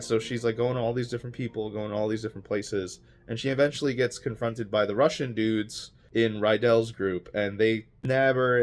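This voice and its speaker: A man giving a casual spoken book review, rambling and enthusiastic, with lots of fillers and restarts. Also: medium pitch.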